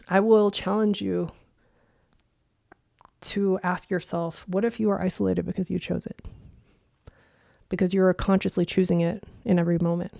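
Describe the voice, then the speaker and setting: A woman speaks in a low, mellow voice with a gravelly edge. She talks to her listeners as a coach, earnest and candid, swearing freely. The sound is dry and close. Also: level tone, moderate pace, long pauses, no room sound. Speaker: podcast host and integration coach. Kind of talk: reflective podcast monologue.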